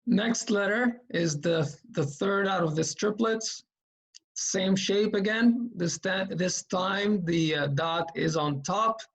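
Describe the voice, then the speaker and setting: A man teaching Quran reading at a slow, unhurried pace. He explains patiently and repeats each sound, with plenty of fillers along the way. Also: high-pitched.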